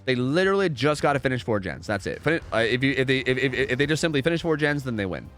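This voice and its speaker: Fast, animated male streamer. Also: mid-range voice, faint music behind. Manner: rambling, repeats phrases, swears casually. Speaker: streamer commentating scrims. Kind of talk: casual live-stream commentary.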